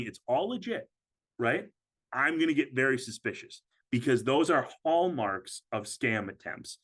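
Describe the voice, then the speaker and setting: A man of middle pitch presents a webinar as a financial advisor. He talks casually and conversationally, often pausing on fillers and restarting his sentences. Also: animated, fairly bright tone.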